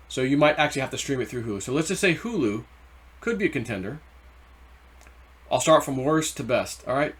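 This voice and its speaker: A man hosting his own crypto channel, talking in a casual, rambling and excitable way with many restarts. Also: mid-range voice.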